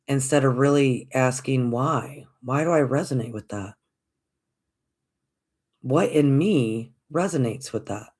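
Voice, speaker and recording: A podcast host giving a reflective spiritual talk, gentle and encouraging, repeating phrases, asking rhetorical questions and calling listeners folks. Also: medium pitch.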